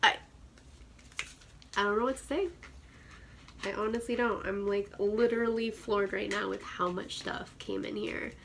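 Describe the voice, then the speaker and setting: A woman's voice: medium pitch, steady tone, measured pace, creaky, pauses often, a bit bright, slight background noise. A woman in her thirties vlogging a beauty unboxing, gushing with squeals and dropping to whispered asides. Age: 30s. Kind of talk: excited unboxing chat.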